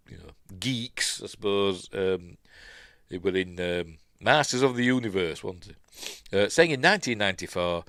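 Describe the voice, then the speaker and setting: A man's voice: lowish voice, a bit bright, dry recording, clean studio sound. An older man with a Yorkshire accent, hosting a casual news live stream, rambling and reading chat comments aloud. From Yorkshire, England.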